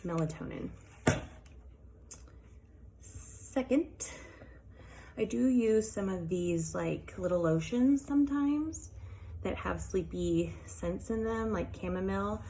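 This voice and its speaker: A woman's voice: mid-range voice, lively intonation, unhurried, background noise. A young adult woman vlogger in casual chat, talking in a chatty, loose way full of ums and likes.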